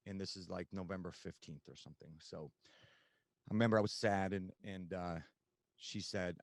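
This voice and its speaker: A man's voice: low-pitched, steady tone, normal speed, no room sound. A man telling his recovery story as a podcast guest, candid and conversational with frequent fillers.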